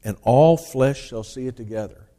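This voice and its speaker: A man's voice: medium pitch, normal speed, mellow. A man preaching a sermon, reading scripture aloud with rising emphasis and explaining it in plain talk with restarts.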